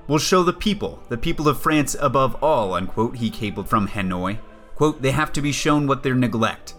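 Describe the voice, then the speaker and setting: Measured man narrating history over music. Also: medium pitch, fairly bright tone. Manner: reads quotes aloud, framing them with "quote, unquote"; measured, with pointed asides.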